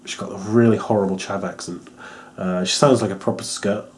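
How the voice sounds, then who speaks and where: A man's voice: on the low side, steady tone, brisk, a little mellow. Rambling English man reviewing wrestling. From England. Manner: rambling, laughs often, swears casually. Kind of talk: casual video review.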